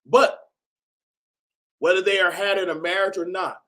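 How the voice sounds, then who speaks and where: A man hosting a reaction video, talking casually and profanely, often bursting into shouts. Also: sits high, fairly even intonation, normal speed.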